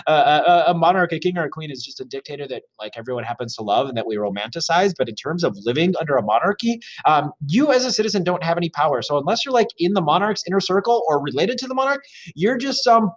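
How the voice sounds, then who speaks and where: Man teaching a lesson, somewhat high voice, lively pitch, chatty, jokey asides, lots of fillers. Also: quick pace. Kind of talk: reading and explaining a lesson.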